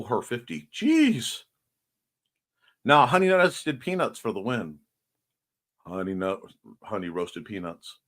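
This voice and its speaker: This man's mid-range voice has a fairly bright tone as he hosts a casual morning livestream. He reads and answers viewer comments in a playful, chatty way, skipping between topics.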